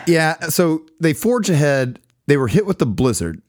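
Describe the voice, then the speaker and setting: A man with a Southern US accent, co-hosting a casual podcast and telling a story in an animated, jokey way. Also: fairly high pitch, moderate pace, no room sound, studio quality. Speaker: podcast co-host. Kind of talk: casual chat.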